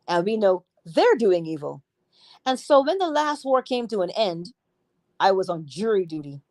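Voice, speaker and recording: A woman reading a spiritual lecture aloud as a bedtime narration, expressive, with shifting pace and emphasis. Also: fairly low pitch, no echo.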